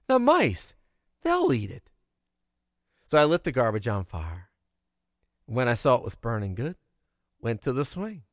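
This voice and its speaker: A man telling a folksy childhood tale in an animated, expressive way. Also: medium pitch, no room sound, studio quality. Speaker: storyteller. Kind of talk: oral storytelling of a childhood tale.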